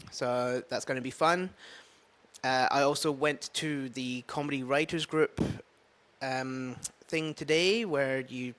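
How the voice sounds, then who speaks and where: A Scottish open mic comedian, a man with a medium-pitched and slightly bright voice, chats casually in a vlog from his home, where a dog is with him. He rambles and thinks out loud, using lots of fillers.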